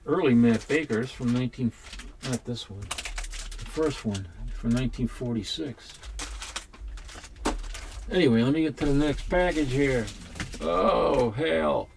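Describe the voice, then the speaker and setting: Male vlogger, mid pitch, rambling and halting, casual unboxing chat, faint noise and clicks in the background. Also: gravelly. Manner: rambling, halting, swears and digresses. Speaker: comics collector vlogger.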